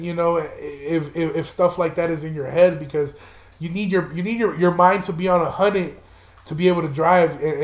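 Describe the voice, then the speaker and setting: A young man speaks on his podcast in a high-pitched, casual voice, circling back and restarting his sentences as he goes. His tone is somber and reflective, with frequent swearing. The recording has a roomy echo. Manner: rambling, many restarts, heavy casual swearing. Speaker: podcast host.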